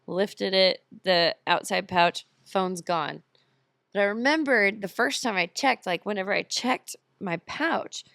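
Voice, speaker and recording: A woman from the United States, a podcast guest who tells travel stories in a lively way and laughs often. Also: medium pitch, dry recording, studio quality. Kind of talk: casual chat.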